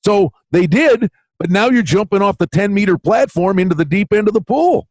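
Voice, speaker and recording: An animated man co-hosts a betting podcast with a folksy, chummy way of talking. His voice is slightly high. The recording is dry and close-miked. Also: normal speed, no room sound. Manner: animated, folksy, calls partner buddy and pal. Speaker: podcast co-host, betting analyst. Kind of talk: casual sports betting chat.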